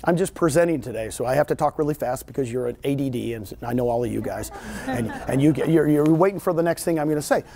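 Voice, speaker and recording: A middle-aged man with a Texan accent, giving an animated seminar talk to a room of agents and joking with them. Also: medium pitch, fast. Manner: animated storyteller, jokes with audience. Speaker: real estate trainer. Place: meeting room with audience.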